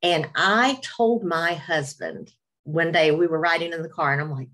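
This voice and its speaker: A middle-aged woman speaks with a distinct Appalachian Southern accent, her voice sitting a touch low for a woman. She tells her story in a relaxed, self-mocking way and often turns to her faith. It sounds like a webinar call. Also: moderate pace. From Virginia, USA. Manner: warm storytelling, faith-filled, self-deprecating humor. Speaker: radio host, webinar speaker. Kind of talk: personal testimony talk. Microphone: webinar video call.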